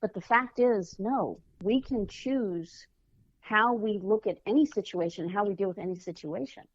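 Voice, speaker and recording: A woman guest on a podcast, a children's author and life coach, telling stories in lively, casual chat and acting out the quotes. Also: medium pitch, moderate pace, dry recording, highs cut off. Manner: animated storyteller, acts out quotes.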